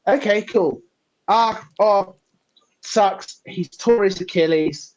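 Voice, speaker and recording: A man's voice: high voice, slow, muffled recording, a little hiss or hum. A man co-hosting a casual live-stream sports talk show, laid-back, laughing often and walking through stats.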